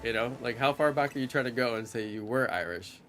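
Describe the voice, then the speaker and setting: A man from the States chats loosely on a live stream, his sentences full of "you know" and "like" as he answers viewers. His voice sits at an ordinary middle pitch. Faint music plays under him. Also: a little fast, fairly bright tone. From United States. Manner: rambling, heavy on fillers like "you know" and "like"; reads chat and answers viewers. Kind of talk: casual live-stream chat.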